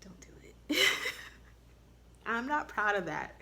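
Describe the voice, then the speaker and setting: A woman's voice: medium pitch, big pitch swings, slow, vocal fry, sharp tone, slight background noise. A woman nurse giving casual advice to her viewers, telling candid stories with blunt swearing. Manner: blunt, candid storytelling with profanity; speaks straight to viewers.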